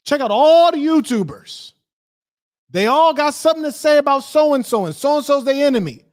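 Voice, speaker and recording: A man trash-talks his opponents on a livestream, combative and slangy. His voice sits a bit high. The sound is close and dry, with no room echo. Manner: confrontational, trash-talking, slangy. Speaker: livestream debate host. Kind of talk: heated livestream commentary.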